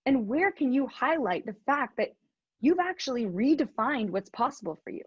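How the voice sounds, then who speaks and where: A woman with a husky, slightly higher voice tells a story as a motivational speaker, laughing often. The sound is dry and close, with a dull, lo-fi quality. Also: normal speed, dry recording. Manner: animated, laughs often while telling the story. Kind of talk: storytelling keynote talk.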